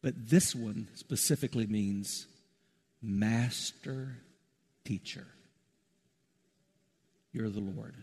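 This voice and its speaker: A middle-aged male pastor preaching a sermon, soaring high and loud, then dropping to hushed, tender lows. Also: fairly even intonation, takes it slowly, creaky, long pauses, breathy edge. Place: church sanctuary. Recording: reverberant church hall.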